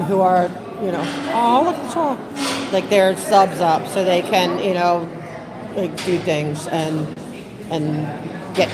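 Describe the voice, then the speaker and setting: Livestreaming from her phone in an indoor public space, a woman chats casually and ramblingly, reading viewer comments aloud. Her pitch is fairly low, the recording is rough, and loud crowd chatter fills the background.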